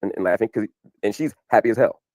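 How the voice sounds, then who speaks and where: A man with a low voice explains his side of a televised exchange at a rapid clip. He stresses his points hard and stays animated throughout. The recording is dry and close. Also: dry recording. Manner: emphatic, animated. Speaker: commentator explaining a TV appearance. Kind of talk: fast explanatory commentary.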